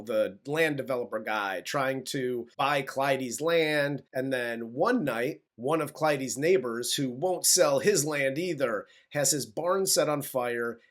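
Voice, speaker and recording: A man co-hosting a movie review podcast, casually recapping the plot, loose and profane, laughing often. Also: mid-range voice.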